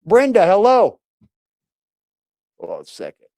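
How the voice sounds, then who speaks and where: A man's voice: high voice, wildly swooping pitch, unhurried, creaky, warm tone, dry recording. A man hosting a live stream in a casual, playful way, greeting chat viewers one by one.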